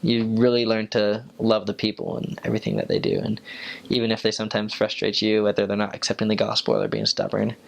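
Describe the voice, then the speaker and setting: A young man, a returned missionary, telling stories in a relaxed, casual way, with lots of fillers, and jumping up in pitch when he quotes people. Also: quick pace, creaky, muffled recording, a little hiss or hum. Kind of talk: casual storytelling.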